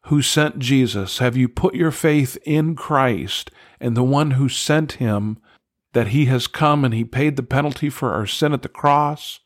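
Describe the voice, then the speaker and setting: Male Bible teacher, unhurried, earnest, emphatic, dry close sound. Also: mid-range voice, no echo. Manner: earnest, emphatic on key words, asks listeners directly.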